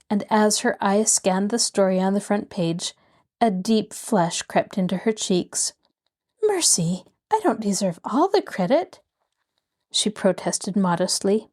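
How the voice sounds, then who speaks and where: A woman reading a novel aloud as host of a storytelling show and voicing its characters, her pitch rising on excited lines.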